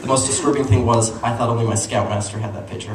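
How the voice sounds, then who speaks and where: A man's voice: medium pitch, quick pace. A young man from Utah performing a stand-up comedy set, telling stories and talking to the crowd. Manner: animated storytelling with audience asides. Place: comedy club stage. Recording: echoey live room, mic at a distance, noisy. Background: audience laughter and room noise.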